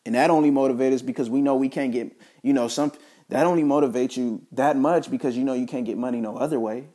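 This man talks fast in a warm, mid-range voice, looking right into the camera. He gives a casual pep talk, repeating himself, restarting phrases, and slipping preachy asides in for his audience.

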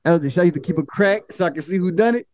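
A man's voice: high-pitched, fast talker, a little mellow. A man hosting a casual podcast chat, telling a story with lots of laughter and acted-out quotes. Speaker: podcast host.

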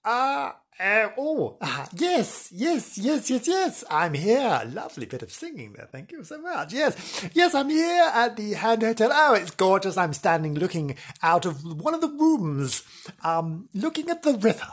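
A man voicing Janice, an excitable woman reporter staying at a hotel, in a high, fluttery, breathless voice. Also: measured pace, breathy edge, full character voice. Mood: gushing.

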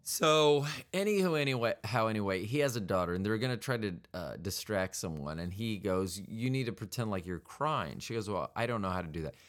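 A man's voice: fairly low pitch, animated, brisk, hardly any pauses. A male podcast host talking in a rambling, casual monologue, wry and prone to correcting himself mid-sentence. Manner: meandering, self-correcting, wry.

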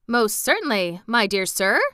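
A woman voicing a pompous, learned male insect gentleman in a storybook reading, wordy and condescending. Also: mid-range voice, lively intonation, moderate pace, clean tone, no room sound, clean studio sound. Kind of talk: storybook read-aloud.

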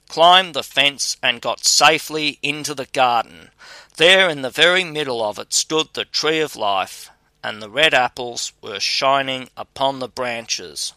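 Slow, bright-voiced male storyteller. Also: mid-range voice, no echo. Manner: measured, even storytelling delivery. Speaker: narrator. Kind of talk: scripted fairy-tale narration.

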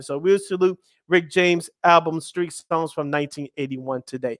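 High-voiced upbeat male radio host. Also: normal speed, dry recording, studio quality. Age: 30s. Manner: upbeat, chatty, jokey, reads out lists with emphasis. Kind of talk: casual radio sports talk.

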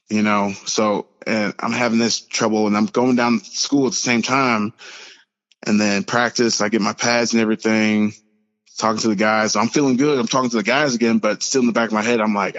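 A young man, a podcast guest, telling a personal story in an earnest, halting way with many fillers and restarts. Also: fairly low pitch, a bit bright. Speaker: podcast guest, pro football player. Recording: lo-fi with long reverb.

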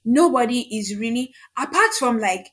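A woman's voice: on the high side, lively intonation, normal speed, fairly bright tone. A young woman from Nigeria, co-hosting a casual podcast chat, emphatic and repeating her points for stress. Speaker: podcast co-host.

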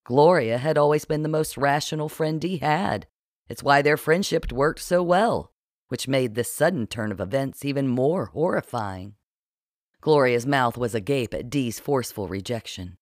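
A man reads a novel aloud as narrator, in a steady storytelling manner. His voice is of middling pitch for a man. The recording is dry, with no room echo. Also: unhurried. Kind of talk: audiobook narration.

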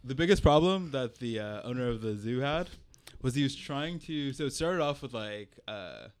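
Lively American guy, laughing often. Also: mid-range voice, normal speed, clear, resonant tone. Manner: lively, laughs a lot, asks questions. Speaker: podcast co-host. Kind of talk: casual banter among friends.

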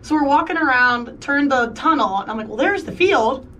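Woman co-host, high voice, chatty and quick to laugh, slightly off-mic with faint noise. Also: animated, fairly bright tone, distant mic. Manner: chatty, quick to laugh, plays out quoted dialogue. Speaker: podcast co-host. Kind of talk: casual storytelling chat.

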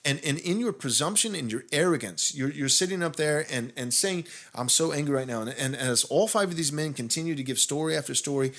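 A man's voice: a little high, fairly quick, hardly any pauses. A man, a pastor hosting a podcast, telling a long story in casual conversation, growing more heated with frequent restarts. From United States. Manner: animated, rising intensity when indignant, frequent restarts.

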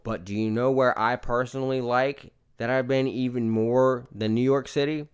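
A man's voice: medium pitch, steady tone, moderate pace, smooth. A man co-hosting a casual movie review podcast, talking in a loose, profane, enthusiastic way. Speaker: podcast co-host.

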